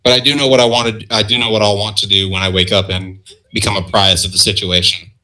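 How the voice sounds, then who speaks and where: A man's voice: lowish voice, little pitch movement, fast talker, pushed and bright, rough recording. A man playing a tabletop game who jokes wryly with his friends. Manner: joking, wry. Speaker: player. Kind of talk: casual chat at a game table.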